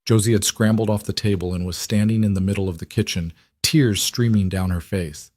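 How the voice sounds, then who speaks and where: A man reading a romance story aloud as scripted narration, steady and even. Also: fairly low pitch, a little fast, no echo, studio quality. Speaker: audiobook narrator.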